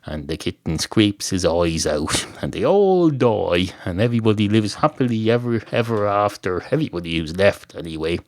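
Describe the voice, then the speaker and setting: An Irish man hosting a podcast, telling a rambling improvised comic story in a deadpan, digressive way with sudden jumps in pitch. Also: moderate pace, few pauses. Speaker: podcast host.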